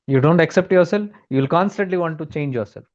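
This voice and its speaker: A man's voice: fairly high pitch, fast talker, dull audio. A man with an Indian accent giving a spiritual talk as a teacher, emphatic and repetitive, slipping Hindi words into his English. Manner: emphatic, repeats key points, mixes in Hindi words.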